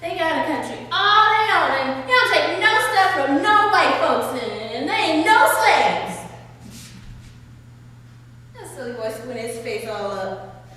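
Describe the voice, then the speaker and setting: A woman performing a theatrical dramatic monologue in an art gallery, telling the story in lively vernacular speech and laughing between lines. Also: a little high, normal speed, natural voice. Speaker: stage performer. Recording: echoey gallery hall, far-off mic, faint room noise.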